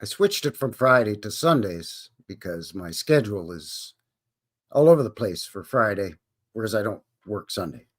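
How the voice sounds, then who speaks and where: Middle-aged western canadian guy chatting on a live stream, folksy, says eh a lot, bouncy pitch. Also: expressive, moderate pace. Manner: folksy, greets viewers by name, frequent "eh". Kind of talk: casual live stream chat.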